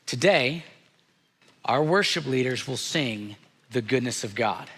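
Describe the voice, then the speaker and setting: Pastor, male, unhurried reflective sermon delivery, crisp bright tone, echoing sanctuary. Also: medium pitch, animated. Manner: slow, earnest and reflective, dropping softly on hard moments. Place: church sanctuary. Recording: church sanctuary with long reverb.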